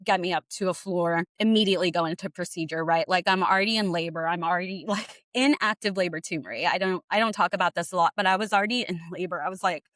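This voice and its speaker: A woman co-hosting a podcast, telling a painful personal story in a tearful, fast, rambling way with lots of "like". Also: on the low side, fairly bright tone, dry recording. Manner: tearful, fast, says like a lot. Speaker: podcast co-host sharing her story.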